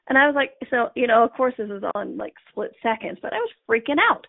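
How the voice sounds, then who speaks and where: A middle-aged woman hosting a show, telling a casual story in a chatty, animated way and laughing often. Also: a little high, brisk, creaky, hardly any pauses, husky, no room sound. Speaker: host. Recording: tinny phone-line sound.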